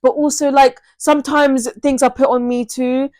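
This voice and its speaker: A woman's voice: sits high, flat delivery, moderate pace, a little mellow. A teenage girl co-hosting a podcast, chatting casually and a little hesitantly, often restarting her sentences. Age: teens. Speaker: podcast co-host. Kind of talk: casual chat.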